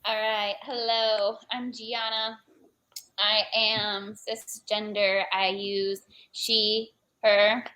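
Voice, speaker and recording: Slow, bright-voiced woman panelist. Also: mid-range voice, little pitch movement, rough recording. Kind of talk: panel introduction. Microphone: video call.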